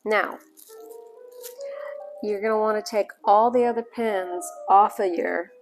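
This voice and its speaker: Southern lady explaining her sewing steps, kinda gravelly voice, little music in back. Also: mid-range voice, steady tone, slow. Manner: chatty, folksy, explains step by step. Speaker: sewing hobbyist. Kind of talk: casual sewing tutorial.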